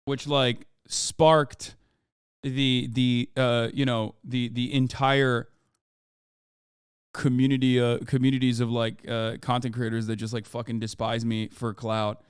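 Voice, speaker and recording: Rambling streamer man, smooth dry voice. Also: medium pitch, little pitch movement, a little slow, no echo. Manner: rambling, many fillers and restarts, profane. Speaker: streamer reacting to a video. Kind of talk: casual live-stream reaction.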